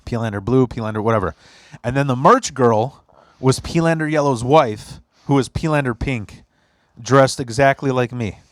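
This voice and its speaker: Recorded in a basement, a male podcast host tells a long, teasing story in casual chat, laughing in bursts and swearing plenty. His middle-pitched voice moves a little slowly, captured dry and close with no surrounding room sound.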